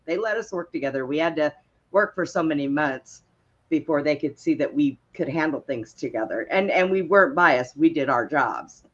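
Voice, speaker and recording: A woman telling lively stories in casual chat, laughing often as she goes. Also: low-pitched, moderate pace. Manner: laughs often, animated retelling. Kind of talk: casual storytelling. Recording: dull lo-fi sound.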